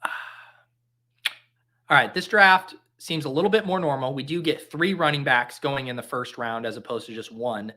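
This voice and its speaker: A man's voice: mid-range voice, moderate pace, pushed and bright. A man hosting a casual livestream, joking and reading chat aloud in a mock-earnest way. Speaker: fantasy football streamer. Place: home basement.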